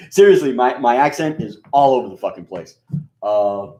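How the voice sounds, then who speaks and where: A man's voice: mid-range voice, warm tone. Scratchy-voiced New York man rambling. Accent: New York mix of Queens and Bronx. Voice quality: scratchy, rustic. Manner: profane, rambling, with many fillers and restarts. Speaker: radio and video host. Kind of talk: casual rambling monologue. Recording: roomy echo.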